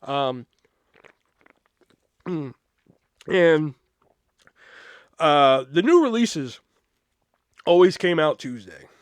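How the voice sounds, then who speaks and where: Profane, animated man telling stories. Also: fairly high pitch, extremely slow, long pauses, no echo. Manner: profane, animated, acts out quoted voices. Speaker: podcast host. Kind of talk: casual storytelling.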